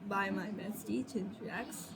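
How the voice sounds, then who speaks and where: A woman's voice: medium pitch, slow, vocal fry, background noise. A sleepy woman casually telling her own fan story, rambling, apologizing and trailing off.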